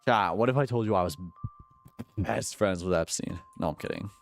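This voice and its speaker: Joking low-voiced male streamer. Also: moderate pace, vocal fry, soft background music. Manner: joking, slangy, talks to chat. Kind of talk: casual live-stream chat while gaming.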